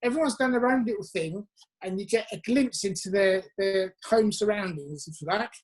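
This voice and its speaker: A high-pitched man from England, a musician appearing as a guest, chats over a video call from his home. It's a casual interview where he tells chatty anecdotes peppered with quick asides.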